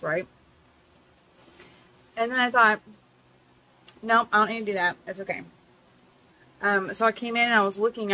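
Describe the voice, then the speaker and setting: A woman's voice: medium pitch, a little hiss or hum. A middle-aged woman talking through her day in a rambling, casual diary vlog, full of ums. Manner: chatty, rambling, many ums; hushed, half-whispering in bed. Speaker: vlogger. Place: bedroom, in bed.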